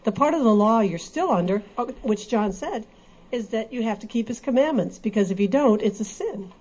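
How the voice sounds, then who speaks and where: A woman's voice: on the high side, animated, normal speed, a little mellow, breathy edge. A woman in a casual religious discussion, explaining earnestly. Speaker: co-host in a Bible discussion. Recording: dull lo-fi recording.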